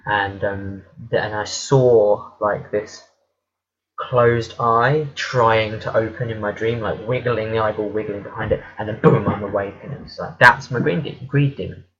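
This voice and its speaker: Slow, rambling man, lo-fi. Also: fairly low pitch, fairly even intonation, crowd noise. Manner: rambling, hesitant, with many fillers and swearing. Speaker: vlogger. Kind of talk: casual storytelling.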